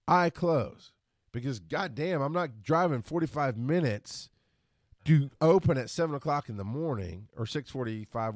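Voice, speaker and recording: A man's voice: mid-range voice, dry recording, studio quality. Fired-up, cursing male podcaster. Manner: frustrated, profane, talks fast then slows down. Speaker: podcast host. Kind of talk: solo podcast rant.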